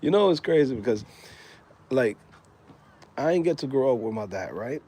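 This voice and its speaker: A man's voice: mid-range voice, lively intonation, moderate pace, dark tone, husky. A man in his thirties hosting a casual livestream, talking in laid-back slang and laughing often. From Dominican heritage. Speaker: livestream host.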